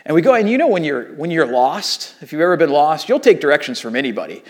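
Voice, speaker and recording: Man, thirties, pastor, casual animated sermon story, somewhat high pitch. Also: fast. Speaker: associate pastor.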